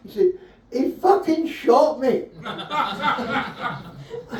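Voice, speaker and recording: A man with a Scottish accent doing a stand-up comedy set with deadpan delivery. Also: extremely high pitch, very slow, pauses often. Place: small live comedy venue. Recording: roomy hall, voice from a distance.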